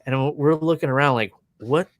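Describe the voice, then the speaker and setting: A man's voice: mid-range voice, moderate pace, fairly bright tone, no echo. A man in his thirties co-hosting a podcast, telling a rambling story in casual chat and chuckling often as he goes. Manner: amused, rambling anecdote with frequent chuckles. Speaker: podcast co-host.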